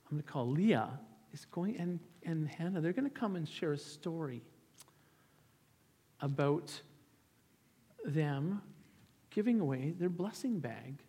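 A man's voice: fairly high pitch, animated, measured pace, long pauses, dark tone, husky. A male pastor giving an earnest, conversational sermon, often restarting his sentences. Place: church sanctuary. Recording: hall reverb, church sanctuary.

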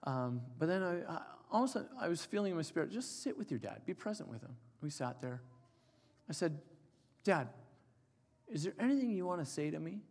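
A man in his forties preaching a sermon, telling an emotional personal story and dropping to soft, quiet tones for emphasis. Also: on the high side, very animated, a little fast. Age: 40s. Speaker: pastor. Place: church hall. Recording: reverberant church hall.

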